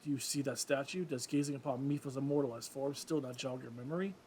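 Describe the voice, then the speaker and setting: A man's voice: medium pitch, fairly even intonation, fast, a little mellow, slight background noise, close to an everyday voice. A man reading game dialogue as a grand old male fish-folk king with formal, courtly phrasing. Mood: regal. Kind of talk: let's play voice reading.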